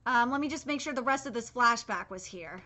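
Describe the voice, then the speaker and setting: A woman's voice: on the high side, expressive, brisk, sharp tone. A woman in her twenties doing live anime reaction commentary, talking loosely with lots of swearing, fillers and restarts, and reading manga dialogue aloud between her comments.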